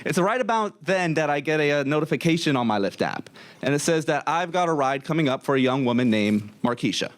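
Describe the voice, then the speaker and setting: A young man telling a comic story to a live audience in a comedy club, wry and deadpan sarcastic. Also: fairly high pitch, a little fast.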